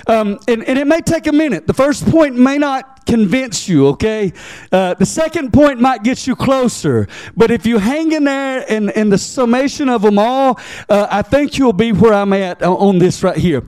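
High-voiced man preaching conversationally. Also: lively intonation, normal speed, a little mellow, dry recording, studio quality. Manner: conversational preaching, frequent "right?" and "amen?" asides to the congregation; repeats words as he restarts sentences. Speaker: pastor. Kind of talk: sermon.

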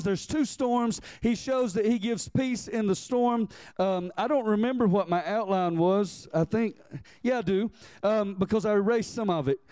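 A man preaches from the pulpit in a high, warm voice with a smooth, clean tone, heard close and dry. He reads scripture in old-fashioned wording and keeps calling on the congregation to answer back. He slows down to stress the key phrases. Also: no room sound. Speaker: pastor. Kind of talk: sermon.

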